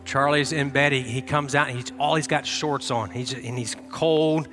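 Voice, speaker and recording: A middle-aged man pastor preaching a sermon, telling a lively personal story with shouted bursts and then easing into quiet prayer. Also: mid-range voice, normal speed. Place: church sanctuary. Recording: long hall reverb with faint music.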